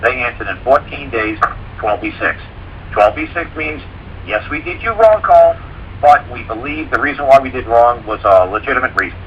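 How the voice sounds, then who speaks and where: On muffled audio with a bit of background noise, a man speaks at medium pitch and a slightly quick pace. He's a radio show guest from a rural mountain region, chatting casually, cursing freely, and making his blunt points with down-home stories.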